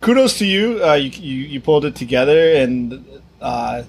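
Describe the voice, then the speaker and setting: A man co-hosting a podcast in casual chat, talking in a rambling, halting way. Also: on the high side, very animated, creaky, breathy edge. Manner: rambling, hesitant with fillers. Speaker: podcast co-host.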